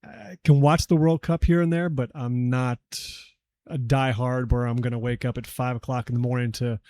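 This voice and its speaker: A man in his forties and a father of three, talking candidly and low-key in a casual podcast chat. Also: steady tone, normal speed, warm tone, no room sound. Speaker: podcast guest.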